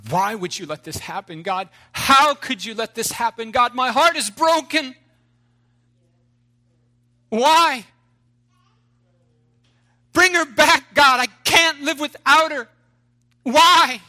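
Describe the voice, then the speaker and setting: A man's voice: extremely high pitch, expressive, slow, pauses often, pitched above the performer's own voice, heavily acted. A man voicing a heartbroken husband who wails and pleads with God. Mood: anguished. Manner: wailing, pleading at a shout.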